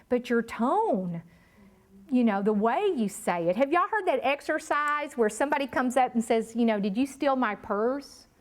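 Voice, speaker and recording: A woman leading a live training workshop, talking emphatically and addressing the room directly. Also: high voice.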